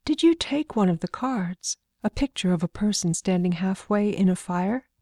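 A woman voicing a surly, sharp-tongued young scholar in a storybook reading, talking tersely and dryly. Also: medium pitch, lively intonation, moderate pace, no room sound, studio quality.

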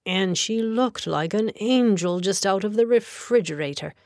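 A woman's voice: mid-range voice, measured pace, darkish tone, dry recording, studio quality, natural voice. A woman voicing a brusque young male lawyer who speaks rudely and sardonically, in an audiobook. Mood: blunt. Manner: blunt, sardonic.

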